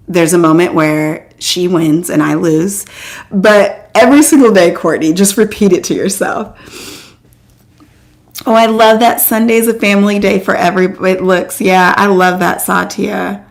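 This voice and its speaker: A woman in her forties hosting a casual live chat. She answers viewer comments by name and talks in a loose, rambling way, full of "like" and "um", and her voice jumps up when she gets excited. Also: medium pitch, unhurried, creaky. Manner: chatty, reads out viewer comments, lots of "like" and "um". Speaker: host.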